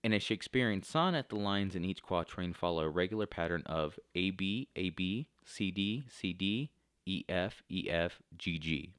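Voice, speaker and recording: A man with a very low voice teaches a class in a recorded lecture. He explains things step by step and often pauses on "uh" and "um". The sound is dry and close, with no room echo. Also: fairly bright tone, smooth. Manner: explanatory, with frequent fillers.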